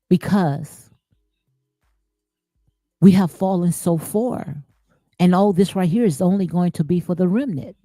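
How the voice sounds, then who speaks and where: A woman's voice: on the low side, mellow, no echo. A woman giving impassioned spiritual commentary, preachy and emphatic, repeating phrases for emphasis. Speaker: commentary host.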